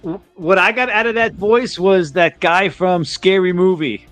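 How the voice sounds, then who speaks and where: A man from New Jersey chatting on a livestream, telling things slowly and drawn out. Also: sits high, fairly bright tone, dry recording, faint music behind. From New Jersey, United States. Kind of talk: casual livestream chat.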